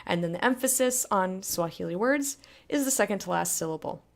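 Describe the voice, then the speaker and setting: A woman's voice: mid-range voice, animated, fairly quick, gravelly. A woman giving a casual, rambling spoken lesson on pronunciation, chatty and full of fillers. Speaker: language tutor.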